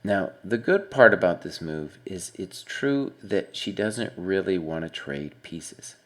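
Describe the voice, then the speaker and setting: A man's voice: low-pitched, lively intonation, measured pace. A middle-aged man coaching chess, talking through a student's game in a casual, thinking-aloud way. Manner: conversational, thinks aloud with fillers and asides. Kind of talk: casual spoken game analysis.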